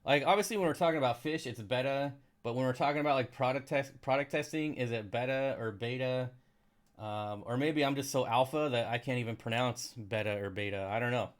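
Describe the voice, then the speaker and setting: A man's voice: mid-range voice, fast talker, hardly any pauses. A man hosting a casual live stream, reading viewer comments, rambling and sarcastic about technical problems. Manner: rambling, sarcastic, easily frustrated. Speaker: aquarium channel live streamer.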